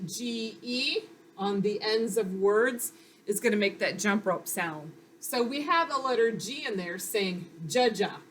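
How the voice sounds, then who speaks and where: Slow, patient woman teaching phonics. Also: fairly high pitch, fairly bright tone, a little hiss or hum. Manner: slow, patient and encouraging, sounding out letters. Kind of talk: phonics lesson for young children.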